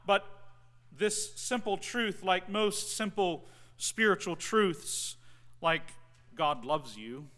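Pastor, man, 40s: bright, fairly high voice, conversational sermon with ums and phrase ends that trail off quietly. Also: lively intonation, slow pace. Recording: long hall reverb.

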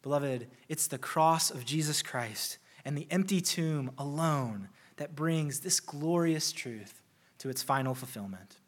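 Earnest preaching man, slightly high voice. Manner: earnest, slows and stresses key phrases; builds intensity through lists. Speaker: pastor. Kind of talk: sermon.

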